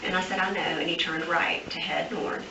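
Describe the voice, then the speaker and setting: A woman giving a recorded statement to police, rambling on without pause and full of fillers. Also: low-pitched, fairly even intonation, muffled recording. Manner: rambling nonstop, many fillers. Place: police interview room. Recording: echoey, distant, noisy interview room recording.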